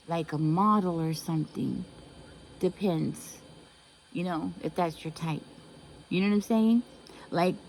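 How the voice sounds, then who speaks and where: A woman's voice: medium pitch, a little mellow, a little hiss or hum, poor audio. A woman giving a tarot reading, talking emphatically, repeating herself and asking rhetorical questions. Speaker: tarot reader.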